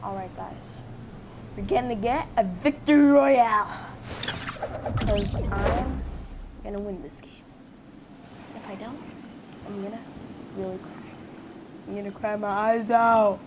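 A woman hosting her own gaming channel and giving gameplay commentary from her home basement. She opens with a loud, excited intro, then drops to quiet muttering while she plays. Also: medium pitch, measured pace, long pauses, background noise. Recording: clear background music.

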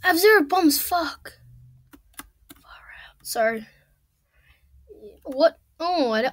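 High-pitched young woman gaming at home, chatty, excitable, swears a lot. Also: slow pace, pauses often. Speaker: gamer. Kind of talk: casual gameplay commentary. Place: home room at a computer.

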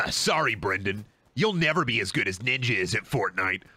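This gamer's voice is lowish, husky, pushed and bright, expressive at a normal speed. Streaming casually, he jokes crudely, addresses his chat, and bursts into silly voices.

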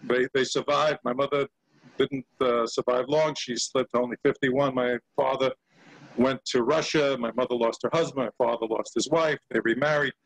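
A man's voice: mid-range voice, steady tone, moderate pace, vocal fry, dry recording, rough recording. An older man on a video call, a Yiddish actor and singer, talking casually with many fillers and hesitations. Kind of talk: casual video-call chat with sung comic song.

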